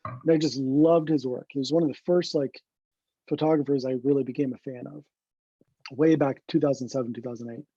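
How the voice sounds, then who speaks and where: A man, a guest photographer, telling an animated story in an interview and acting out what his friends said. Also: medium pitch, brisk, husky, no echo. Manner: animated anecdote teller, acts out quoted friends. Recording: dull lo-fi recording.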